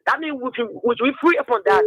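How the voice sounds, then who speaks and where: A man's voice: very high voice, expressive, fast, a bit bright, breathy edge, no room sound, rough recording. A man with a Liberian English accent calling a radio show to complain, insistent and repetitive. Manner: insistent, repeats himself. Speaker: caller. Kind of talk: call-in complaint. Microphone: phone.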